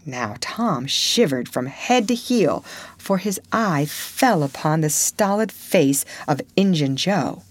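A woman reading a classic novel aloud in measured, expressive audiobook narration. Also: low voice, dry recording. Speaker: audiobook reader.

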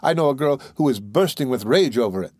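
A man's voice: mid-range voice, expressive, fast, darkish tone, dry recording, studio quality, natural voice. A man playing Phoebus, a swaggering captain. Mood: flattering. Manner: swaggering, grand declarations.

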